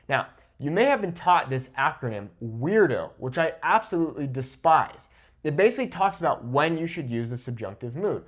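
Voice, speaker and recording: A young man gives a Spanish grammar lesson at a whiteboard in a fairly high voice. His pitch jumps around a lot as he talks, and he slows right down to say each example clearly. He checks in with his students after nearly every example. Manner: lively, repeats "okay?" after each example; slows down to model Spanish pronunciation. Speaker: Spanish teacher.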